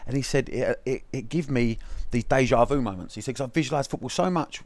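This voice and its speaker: A man hosting a podcast talks at a breakneck clip, restarting and repeating words as ideas tumble out. His voice is dry and close, with nothing ringing around it. He tells stories with lively quoted voices. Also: mid-range voice, fast, dry recording. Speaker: podcast host and therapist. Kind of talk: casual interview chat.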